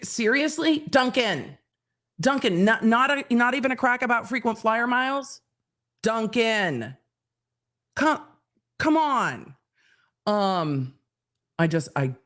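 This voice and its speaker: A woman's voice: mid-range voice, a bit bright. Woman, live stream host, laughing, incredulous, chatty reactions.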